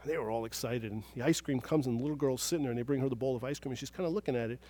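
A man preaching a sermon as pastor, telling stories and moving from soft, hushed moments to loud, emphatic praise. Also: mid-range voice, rapid-fire.

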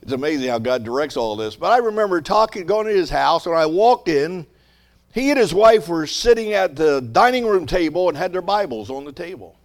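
A man's voice: a little high, animated, fairly quick. A male pastor preaching a sermon, moving between conversational storytelling and rising, emphatic exhortation.

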